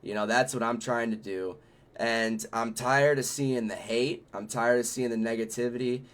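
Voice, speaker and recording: A man's voice: mid-range voice, fairly even intonation, moderate pace. Profane laid-back man hosting a chat. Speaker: festival organizer and show host. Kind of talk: casual chat.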